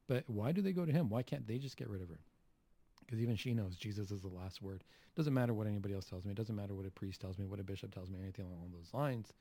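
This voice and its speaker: Man, preacher, catholic homily, rhetorical questions, dry close sound, gravelly. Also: fairly low pitch, fast, dry recording. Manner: animated, rhetorical questions, acts out quotes.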